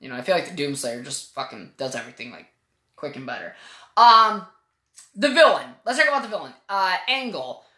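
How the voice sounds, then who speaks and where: A woman's voice: low voice, big pitch swings, brisk, sharp tone. A woman giving a casual, opinionated spoken game review, rambling and swearing freely. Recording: echoey room.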